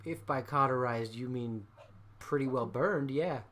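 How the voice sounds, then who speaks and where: A man running a tabletop game as dungeon master, narrating with animated swings between hushed and loud delivery. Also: mid-range voice, a little slow.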